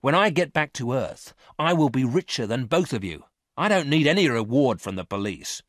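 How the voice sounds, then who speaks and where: A man voicing a sly, confident male stranger who talks quickly and a little higher. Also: big pitch swings, fairly bright tone, dry recording, clean studio sound.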